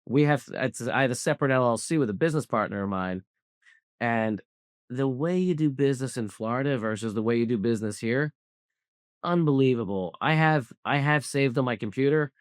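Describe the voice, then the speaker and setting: A cybersecurity business founder from Southwest Philadelphia, being interviewed as a guest, speaks bluntly and emphatically, repeating points for stress in casual talk. His medium-pitched voice moves fairly quickly, recorded in studio quality with no room sound.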